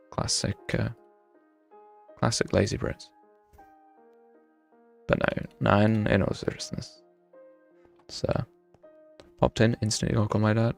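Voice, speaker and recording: A man's voice: fairly low pitch, flat delivery, slow, gravelly, long pauses, faint music behind. A young man from the UK, chatting casually and self-mockingly while streaming a game and answering chat. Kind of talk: live gameplay chat.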